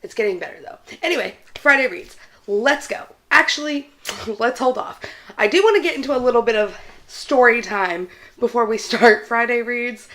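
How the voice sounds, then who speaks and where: A woman book vlogger chatting casually to her viewers, telling a story in an animated way and laughing between phrases. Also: on the high side, moderate pace. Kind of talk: casual vlog chat.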